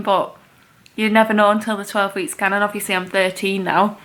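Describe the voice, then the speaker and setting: A young woman vlogging in a casual, chatty way, excitable and gushing. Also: mid-range voice, a little fast. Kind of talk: casual vlog chat.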